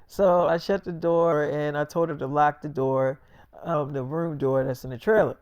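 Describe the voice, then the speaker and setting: A man's voice: a little high, fairly even intonation, moderate pace, a little mellow, clean tone, dry recording. Young male storyteller, casual slang, rambling and repetitive, dry recording. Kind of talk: freestyle storytelling.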